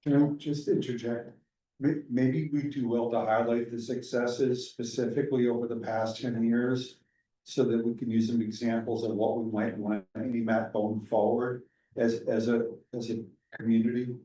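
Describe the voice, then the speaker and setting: A man on a town commission making a suggestion during a public meeting, in a measured way with a few restarts. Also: medium pitch. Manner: even, measured, some restarts. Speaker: commission member. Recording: roomy, distant meeting audio.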